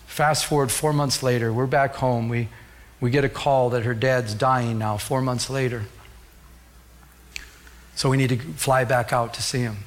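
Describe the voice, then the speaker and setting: A man's voice: medium pitch, steady tone, a little slow. A middle-aged man preaching a sermon as pastor, telling a personal story and rising to fervent calls to the congregation.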